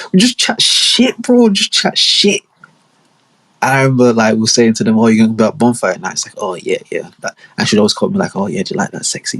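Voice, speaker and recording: A man's voice: fairly low pitch, slightly rough. A young man, hosting a podcast and telling long, rambling stories in casual slang, with many asides. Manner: slangy, rambling, full of asides and acted-out quotes. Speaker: podcast host. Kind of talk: casual storytelling monologue.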